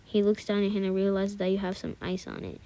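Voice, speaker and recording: A woman narrating a romantic fan story in a calm, soft, steady voice. Her tone is mellow and dark-edged, with very little rise and fall. She reads at an unhurried, even pace. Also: medium pitch. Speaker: story reader. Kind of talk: reading second-person fan fiction aloud.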